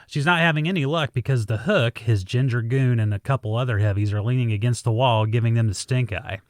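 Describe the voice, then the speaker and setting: A man's voice: mid-range voice, a little fast, dry recording. A man co-hosting a podcast, recapping a movie plot with dry, wry remarks. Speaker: podcast co-host.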